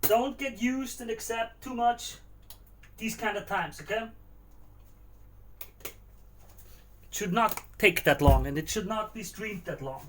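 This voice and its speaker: Chatty high-voiced man cooking on stream. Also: slow, pauses often, a bit bright, slight background noise. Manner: chatty, thinking aloud while cooking, moving around the kitchen. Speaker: stream host cooking a stew. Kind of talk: casual cooking live stream chat. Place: home kitchen.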